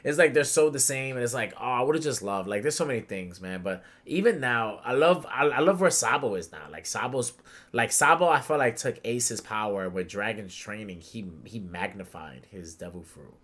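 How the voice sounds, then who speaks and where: A man's voice: mid-range voice, animated, normal speed, fairly bright tone. A young adult man hosting a podcast, retelling a story in casual chat with heavy slang and swearing. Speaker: podcast host.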